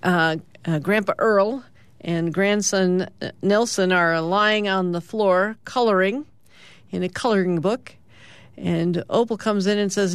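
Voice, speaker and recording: A woman hosting morning radio, reading the comics aloud in a relaxed, chatty way with fillers. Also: medium pitch, unhurried, clear, resonant tone, no room sound. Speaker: radio host.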